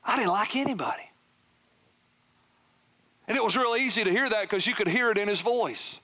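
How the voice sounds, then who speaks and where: A man preaching a sermon as pastor, swinging from loud emphatic peaks down to hushed, near-whispered lines. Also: high-pitched, fast talker.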